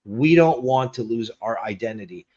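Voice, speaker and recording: A man's voice: mid-range voice, expressive, moderate pace, a little mellow. A man co-hosting in casual banter, laughing often and stumbling over restarts as he jokes. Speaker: guest co-host. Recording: dull lo-fi sound.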